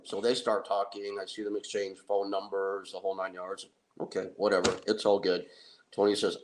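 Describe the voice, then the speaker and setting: A middle-aged man telling an anecdote in a casual, excitable way, with restarts. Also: lowish voice, brisk, poor audio. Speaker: guest storyteller. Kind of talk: casual anecdote on a talk show.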